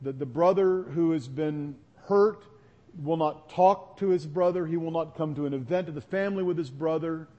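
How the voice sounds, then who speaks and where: A man's voice: fairly high pitch, normal speed, muffled recording. A man preaching a sermon in an earnest, conversational way. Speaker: pastor.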